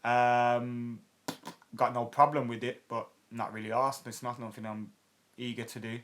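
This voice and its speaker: A man's voice: medium pitch, level tone, unhurried, a bit bright, slight background noise. A man in his late twenties hosting a football fan channel, casually answering viewer comments in a chatty, blunt way with lots of fillers and some swearing. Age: 20s.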